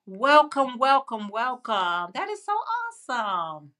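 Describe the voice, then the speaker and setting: A woman's voice: a little high, very animated, takes it slowly, sharp tone. A woman from Chicago with a Chicago accent, chatting casually with viewers as host of a live stream and telling stories. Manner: chatty, storytelling, reads out viewer comments. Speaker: livestream host.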